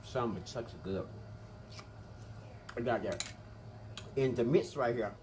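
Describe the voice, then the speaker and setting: A man hosting an eating vlog, chatting casually and very quickly with lots of energy. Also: medium pitch, a little hiss or hum. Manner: rapid, animated, chatty, says he talks fast. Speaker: mukbang host.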